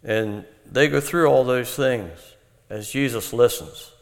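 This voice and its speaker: A man preaching an earnest, measured Bible-teaching sermon. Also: medium pitch, creaky, big-room sound.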